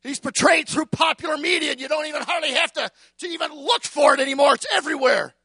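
Male preacher, very high, piercing, hollering a fiery sermon in long emphatic litanies, dry close sound. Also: quick pace, no echo. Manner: shouting, emphatic, building litanies; repeats words when starting a phrase.

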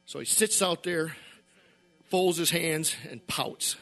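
A man's voice: on the high side, slow, a bit bright, soft background music. A man preaching, retelling a parable with folksy, dramatic storytelling. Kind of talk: storytelling sermon.

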